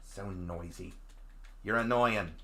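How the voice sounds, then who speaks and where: A man voicing a rough, distrustful young dragon girl with a put-on Southern country accent, speaking low and curt with rural grammar in a visual novel reading. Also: slow, sharp tone, heavily acted. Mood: hostile. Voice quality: low, frustrated, growling. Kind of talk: visual novel read-aloud.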